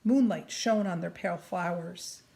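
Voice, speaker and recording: A woman reading a children's chapter book aloud. She reads slowly and deliberately and drops to a whisper at hushed moments. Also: on the low side, vocal fry. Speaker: storybook reader.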